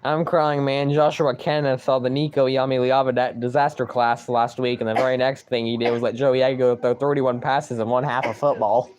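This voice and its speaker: A young man streaming live, rambling excitedly and with mild swearing as he reacts to a football game. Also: medium pitch, normal speed, few pauses.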